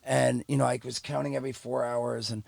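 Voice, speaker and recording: A man's voice: mid-range voice, little pitch movement, brisk, vocal fry, a little mellow, no room sound, studio quality. A middle-aged man, telling a story candidly and rambling as a podcast guest, full of fillers and restarts. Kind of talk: casual storytelling.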